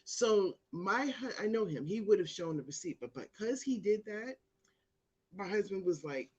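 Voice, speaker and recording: A woman with a husky voice hosts her own live chat show, talking casually and directly to viewers. Her pitch swings widely as she tells stories and mimics the people in them. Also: a little fast, highs cut off. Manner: animated storyteller, acts out quotes with big pitch jumps.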